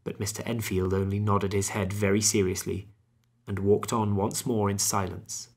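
A man narrating a classic novel as an audiobook in a measured, steady way. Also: lowish voice.

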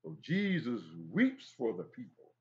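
A man's voice: a little high, wildly swooping pitch, measured pace, husky, highs cut off. A man teaching a Bible study in an emphatic preaching style, repeating phrases and exclaiming as he goes.

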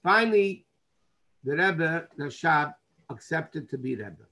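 Male rabbi, earnest storyteller; husky, fairly high-pitched voice. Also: animated, takes it slowly, sharp tone, poor audio. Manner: earnest storyteller, dropping in Hebrew and Yiddish terms. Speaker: rabbi teaching a Torah class. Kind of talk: storytelling Torah lesson.

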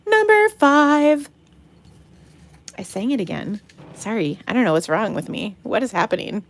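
With a mid-range voice that moves a little fast over a slight hiss or hum, a middle-aged woman calls bingo numbers during an online craft game night streamed live from her home craft room. She keeps it casual, giggly and playful, occasionally singing something silly.

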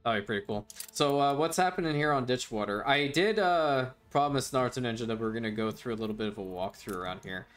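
A man's voice: medium pitch, animated, fast, few pauses. A man hosting a gaming channel, chatting loosely over his gameplay with plenty of fillers and chuckles. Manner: rambling, with frequent fillers and chuckles. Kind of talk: casual gameplay commentary.

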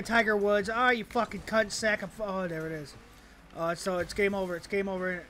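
A man's voice: sits high, moderate pace, a little hiss or hum. A young man swearing and ranting while commenting on his own gameplay at his computer, mocking himself and his opponents. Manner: excitable, profane, self-mocking outbursts. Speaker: gamer. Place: at a home computer.

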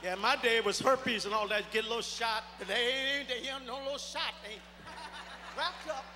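A man's voice: very high voice, normal speed, a crowd in the background, noisy background. A middle-aged man, a bishop, preaching a fervent sermon with repeated, stammered restarts in a large church. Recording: echoey hall with music behind.

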